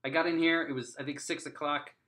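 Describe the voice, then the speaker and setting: A man hosting a podcast, telling a comedic story in an animated, exaggerated way, jumping up in pitch and volume for punchlines. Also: quick pace. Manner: animated, exaggerated, rising to near-shouts for punchlines. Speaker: podcast host.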